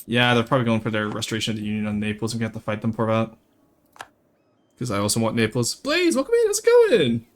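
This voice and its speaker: A young streamer from rural Canada races through live gameplay commentary while chatting with his viewers. His voice is fairly low and his delivery lively.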